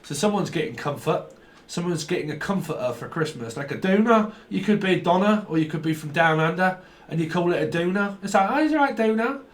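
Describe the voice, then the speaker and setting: A man's voice: a little high, a little fast. A man giving a rambling tarot reading, full of wordplay, snatches of song and silly voices. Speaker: tarot reader.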